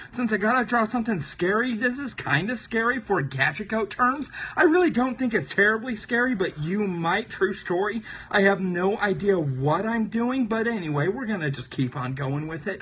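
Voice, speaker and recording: A man's voice: sits high, lively intonation, moderate pace, hardly any pauses, fairly bright tone, slightly rough. A man hosting a casual live stream, drawing while he chats with viewers in a playful, giggly way. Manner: playful, giggly, talks to viewers and repeats catchphrases. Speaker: livestream host.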